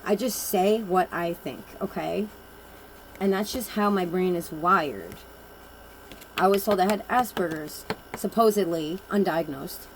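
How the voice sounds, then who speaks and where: A woman's voice: on the low side, unhurried, slight background noise, low-quality recording. A woman giving a casual oracle card reading, telling personal stories in a blunt, rambling and emphatic way.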